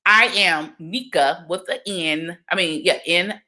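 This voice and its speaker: A young woman from Georgia, chatting casually on a livestream, animated and talkative. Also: on the low side, takes it slowly. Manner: chatty, animated, breaks into sung exclamations. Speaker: livestream host.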